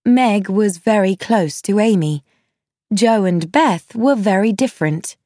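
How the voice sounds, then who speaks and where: A woman reads a simple storybook aloud, slowly and clearly. Her voice rises and falls in a lively way, and the recording is dry and close. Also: medium pitch, dry recording. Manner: slow, clear and expressive. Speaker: narrator. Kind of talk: storybook narration for learners.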